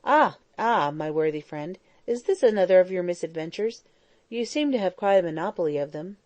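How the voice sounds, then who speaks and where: The Major is a cool, mischievous soldier who teases his friend in a calm, even tone, as a woman narrator reads him. The voice is mellow and dark, recorded close and dry. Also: lowish voice, a little slow, dry recording. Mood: teasing. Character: dry, teasing Scottish army major.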